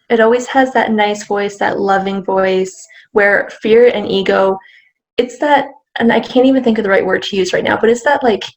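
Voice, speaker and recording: A woman as a guest in a casual interview, explaining things in a gentle way. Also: fairly high pitch, low-quality recording.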